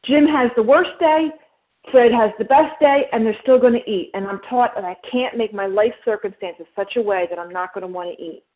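Higher-voiced woman with a New Jersey accent, emphatic and quick, sharing at a recovery meeting over the phone. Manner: emphatic, fast-talking, explains step by step. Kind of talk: personal share at a recovery meeting. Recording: phone line.

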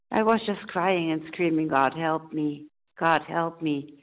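A woman calling from Germany who shares a personal testimony in a meeting, halting and repeating phrases as she searches for words. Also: low voice. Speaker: meeting attendee sharing. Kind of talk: personal testimony on a phone call. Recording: tinny phone line.

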